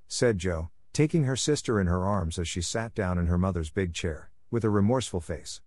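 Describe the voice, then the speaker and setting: A man narrating a classic novel in a steady, measured audiobook reading for English learners, close to the mic. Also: sits low, no echo.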